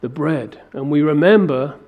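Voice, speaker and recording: A man preaching a sermon to a congregation, animated and acting out biblical dialogue in a raised voice. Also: fairly high pitch, moderate pace, phone-quality sound. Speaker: pastor.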